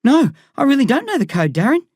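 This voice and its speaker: A frightened schoolboy stammers and begs, his voice climbing high and strained, as a male reader puts him on. The recording is close and dry, with no room around it. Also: wildly swooping pitch, fast, a little mellow, no room sound, exaggerated voice. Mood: panicked pleading. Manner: stammering, pleading, voice rising in panic. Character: frightened schoolboy narrator's younger self, pleading.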